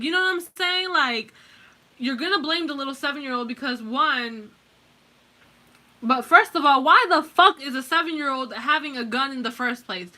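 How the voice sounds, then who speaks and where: Young woman, tarot reader, casual and profane, rambling, bright voice, slightly high.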